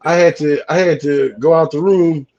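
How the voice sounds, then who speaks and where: A man's voice: a little high, fairly even intonation, normal speed, darkish tone, dull audio. A man chatting casually as host, cursing often and stammering through repeated words. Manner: profane, stammering, repeats himself. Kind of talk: casual chat.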